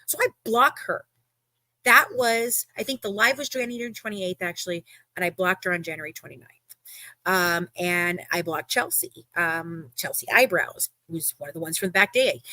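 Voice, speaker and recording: A woman's voice: fairly high pitch, no room sound, poor audio. A woman hosting a livestream, telling a heated story with lots of swearing and quoted back-and-forth. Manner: animated storytelling, acting out quoted exchanges, frequent swearing. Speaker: livestream host. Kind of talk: casual livestream chat.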